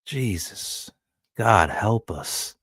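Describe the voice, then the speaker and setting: Low-voiced dude ranting on stream, swearing nonstop, super dry close sound. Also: male voice, animated, very slow, a bit bright, slightly rough, no room sound. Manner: angry, profane, insulting, repetitive.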